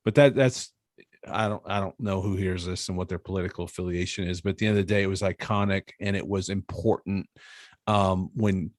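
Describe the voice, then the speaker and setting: Podcast host, man in his thirties, very deep voice, earnest and rambling, dry close sound. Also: fairly even intonation, fairly quick, no echo. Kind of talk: casual interview chat.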